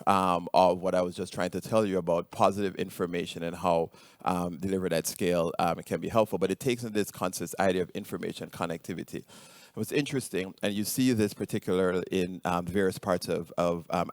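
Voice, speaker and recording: A middle-aged man with a Jamaican accent speaks in a very low voice, giving a conference presentation. He stumbles through plenty of ums and restarts as he goes. The sound is close and dry, with no room around it. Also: dry recording. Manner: hesitant, many ums and restarts.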